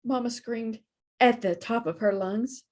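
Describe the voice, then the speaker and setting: A woman librarian reading a children's picture book aloud for storytime, slow and expressive. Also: a little high.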